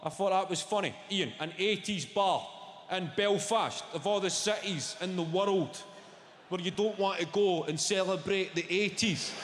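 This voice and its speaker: A young Scottish man doing a stand-up routine, swearing freely and bantering with the crowd. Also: high-pitched. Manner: swearing, quick banter with the audience. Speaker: stand-up comedian. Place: large comedy venue in front of a live audience. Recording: echoey hall, loud audience noise.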